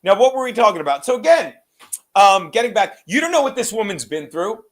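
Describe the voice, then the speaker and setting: A man's voice: sits high, very animated, fairly quick. A man co-hosting a podcast in casual chat, profane, rambling and self-mocking. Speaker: podcast co-host.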